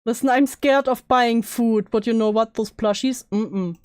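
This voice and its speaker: A woman's voice: fairly high pitch, a little slow, smooth. A woman streamer reacting to a video with casual, sarcastic asides.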